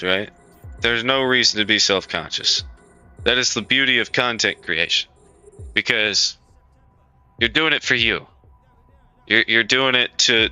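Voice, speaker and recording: A man with a fairly low, sharp, clear and resonant voice streams live, chatting casually and bluntly with his viewers, swearing and repeating himself to reassure them. The stream audio is dull and lo-fi, with faint music underneath.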